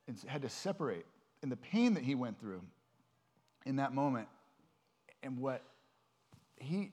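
A man preaching in a relaxed, conversational way, earnest and searching for words as he goes. His voice sits at an ordinary middle pitch, and his talk is loose and unpolished, full of small pauses and restarts. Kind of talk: informal sermon.

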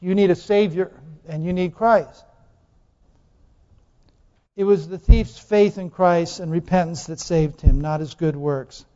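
A man's voice: sits high, fairly even intonation, a little slow, pauses often, dark tone. A man preaching a sermon, putting questions to the congregation and repeating phrases for emphasis. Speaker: pastor. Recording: dull lo-fi sound with long hall reverb.

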